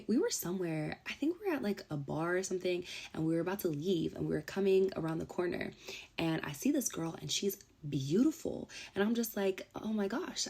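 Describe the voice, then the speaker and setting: Woman, casual storytelling, playful and dramatic, husky, gravelly fry. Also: mid-range voice, darkish tone.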